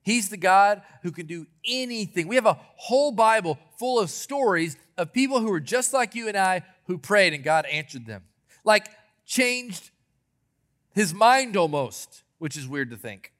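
A man preaching a sermon as a pastor, retelling scripture stories with earnest emphasis and dramatic pauses. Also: high voice, animated, a bit bright.

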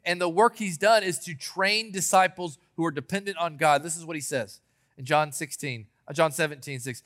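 High-voiced man preaching a sermon. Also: fairly bright tone. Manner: earnest preaching, quotes scripture, dramatic pauses. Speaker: pastor.

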